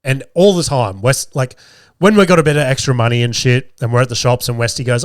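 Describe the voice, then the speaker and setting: A man in his thirties with an Australian accent, hosting a podcast and telling stories in a casual, animated way, full of swearing and laughs. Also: mid-range voice, a little fast, no room sound, clean studio sound. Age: 30s. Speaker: podcast host. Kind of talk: casual storytelling. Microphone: camera with podcast mic.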